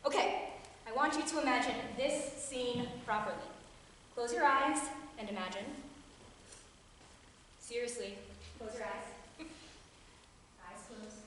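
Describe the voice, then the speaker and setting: A woman stage actor giving a live solo theatre performance, talking straight to the audience in an animated way and laughing often. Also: on the high side, takes it slowly, long pauses, slight background noise. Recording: echoey hall recorded from far off.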